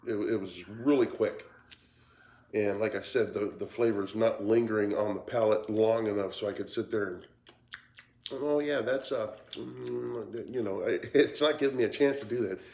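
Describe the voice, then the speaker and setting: A man talking casually in a cigar review vlog, tired and yawning, with a halting way of speaking that repeats words. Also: fairly low pitch, steady tone, darkish tone. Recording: roomy echo.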